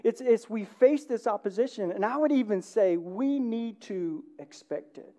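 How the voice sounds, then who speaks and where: A man's voice: high voice, expressive, moderate pace, warm tone. A man preaching a sermon as a pastor, talking in a conversational way and often checking in with "right?". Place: church.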